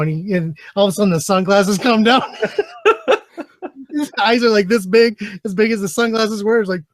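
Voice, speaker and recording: Guy with a high voice, swears a lot, laughs thru his stories, dry close sound. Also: normal speed, no echo. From United States. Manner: profane, laughing storyteller. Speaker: podcast guest and former soldier. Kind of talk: casual chat.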